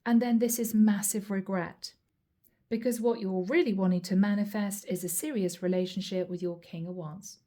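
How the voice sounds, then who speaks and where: A woman's voice: medium pitch, steady tone, normal speed, mellow. A woman reading tarot cards to camera in a chatty way, calling her viewers guys. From Europe. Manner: chatty, addresses viewers as guys, acts out quoted lines. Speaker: tarot reader.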